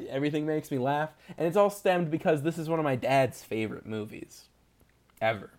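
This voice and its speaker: A man's voice: fairly high pitch, darkish tone. A young man hosting a podcast, chatting casually, rambling through jokes and laughing often. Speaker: podcast host. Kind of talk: casual chat.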